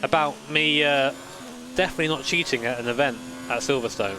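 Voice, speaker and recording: This is a man in his late twenties who streams sim racing, chatting casually on a live stream with swearing and rambling stories. His voice sits in the mid range and runs a little fast, with background noise behind it.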